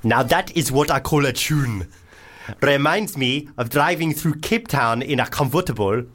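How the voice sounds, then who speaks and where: A man's voice: medium pitch, moderate pace, a bit bright, natural voice. A man voicing a listener's email in a put-on South African accent, reading it in a hammy, sing-song way.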